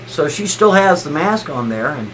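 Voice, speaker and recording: A man tells a story casually and ramblingly, often repeating himself, stumbling over words, and checking in with the listener through repeated "I mean" and "right?". His voice is on the high side and fairly bright, with big pitch swings at a normal speed. The recording is rough, with a little hiss or hum.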